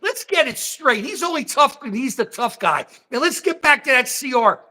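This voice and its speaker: Animated high-voiced older man ranting. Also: moderate pace. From United States. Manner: animated, rambling, addresses chat by name. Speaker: political livestream host. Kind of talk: heated political talk with chat.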